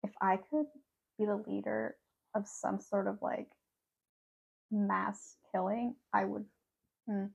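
A woman's voice: mid-range voice, level tone, slow, creaky, pauses often, husky. A woman co-hosting a casual podcast chat, blunt and swearing freely. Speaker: podcast co-host.

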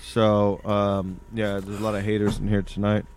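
A man hosting a crude, casual talk show, teasing his guest in a mock-serious way, his voice sometimes cracking when he gets excited. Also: on the low side, normal speed, slight background noise.

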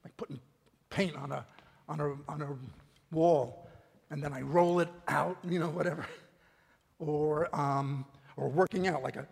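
A man's voice: on the high side, measured pace, vocal fry, a little mellow, slightly rough. A man preaching a sermon as pastor, talking in a loose, conversational way with restarts and small laughs. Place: church hall. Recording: long echo of a big hall.

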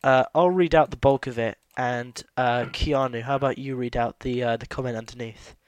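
A man's voice: mid-range voice, fairly even intonation, moderate pace. A man hosting a podcast in casual chat over a voice call. He laughs often and restarts his sentences. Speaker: podcast host.

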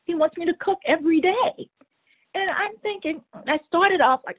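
A middle-aged woman, a guest on a show, telling a personal story in an animated way, often repeating words as she starts a sentence. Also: very high-pitched, normal speed. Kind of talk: conversational storytelling. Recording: tinny phone-like line.

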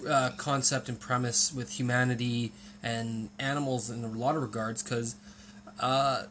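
A man talks in a loose, rambling way, wandering off into side stories and filling pauses with "uh" and "like." A faint hiss of background noise sits under his voice. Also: medium pitch, flat delivery, a bit bright. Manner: rambling, digressive storytelling with many fillers. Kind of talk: casual conversational chat.

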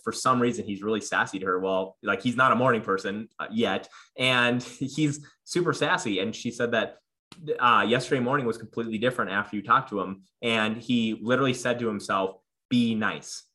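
A man's voice: on the low side, fairly quick, pushed and bright. A man in his thirties, a guest in a casual interview, talking earnestly with lots of fillers and restarts. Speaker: podcast guest.

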